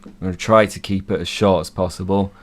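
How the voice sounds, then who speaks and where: A man in his thirties, hoarse from being ill, chatting casually and rambling enthusiastically as a co-host. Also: sits low, fairly even intonation, fairly quick. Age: 30s. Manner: rambling, enthusiastic fan talk. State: hoarse from illness. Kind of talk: casual chat.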